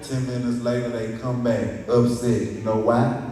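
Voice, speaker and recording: A man with a Southern US accent telling a drawling, animated stand-up story and acting out the dialogue. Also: medium pitch, moderate pace. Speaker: stand-up comedian. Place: live comedy venue with audience. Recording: echoey hall from far off, crowd laughing.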